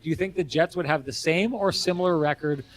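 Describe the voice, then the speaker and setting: A talkative man co-hosting a post-game sports show from a bar. His voice sits a little high for a man, and he argues his points with energy. He laughs easily and teases his co-host. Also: fairly quick. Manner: animated, opinionated, laughs often. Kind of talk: casual sports talk.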